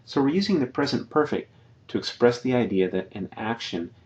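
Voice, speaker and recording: A man's voice: medium pitch, animated, brisk, a little mellow, highs cut off. A man teaching a Spanish grammar lesson over slides, patiently explaining and repeating each example sentence. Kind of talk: slide-based grammar lecture.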